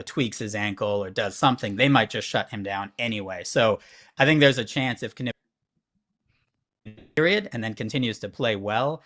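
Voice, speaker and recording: A man with a lowish voice works through sports betting odds on a live sports show. He explains at length and thinks aloud as he goes, checking in with the listener over and over. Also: fairly bright tone. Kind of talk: conversational analysis.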